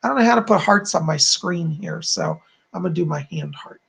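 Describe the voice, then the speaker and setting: A man's voice: on the high side, expressive, fairly quick, vocal fry, a bit bright, breathy edge. A man hosting a live-stream psychic chat, effusive and chatty, often thanking his viewers. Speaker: psychic and channel host.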